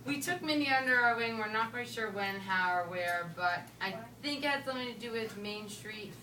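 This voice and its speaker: A young woman from Connecticut giving a casual, joking rehearsal dinner toast, rambling with playful slang and quick asides. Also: fairly high pitch, slight background noise. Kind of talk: casual joking speech to a crowd. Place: dinner hall with guests. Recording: roomy hall from a distance, loud crowd.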